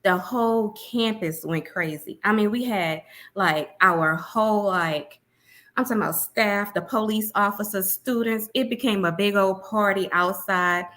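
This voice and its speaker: Woman in her thirties, guest storyteller, animated, bursts of speed then low asides, mid-pitched voice. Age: 30s. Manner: animated storyteller, quick bursts with laughter, drops to a low murmur. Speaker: guest, university alumna. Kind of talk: casual interview chat.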